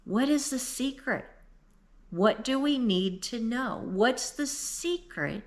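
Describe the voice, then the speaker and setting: A woman's voice: fairly high pitch, lively intonation, slow pace. A woman in her fifties giving an earnest, emotional devotional talk, speaking straight to the listener and tearful at times. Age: 50s. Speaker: Christian speaker.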